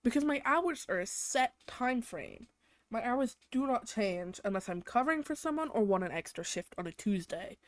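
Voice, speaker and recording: A young woman hosting a solo podcast vents about everyday annoyances, especially her boyfriend, exaggerating and swearing constantly. Her voice is a little high and animated, at a moderate pace, with no room sound.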